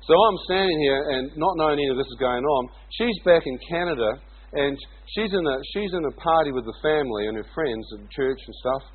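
A man's voice: a little high, lively intonation, a little fast, husky, narrow, tinny audio. A man with a New Zealand accent tells a personal testimony story in a chatty way, laughing often and asking "you know what I mean". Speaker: speaker giving a personal testimony.

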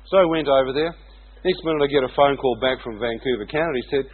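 A man's voice: mid-range voice, fast, breathy edge, phone-quality sound. A man with a New Zealand accent tells a personal testimony story in a chatty way, laughing often and asking "you know what I mean". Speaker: speaker giving a personal testimony.

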